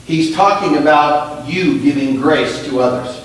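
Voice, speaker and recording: A male pastor delivering a sermon, moving from quiet storytelling to loud, drawn-out emphasis and drawing call-and-response from the congregation. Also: a little high. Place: church sanctuary. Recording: echoey church sanctuary, mic at a distance.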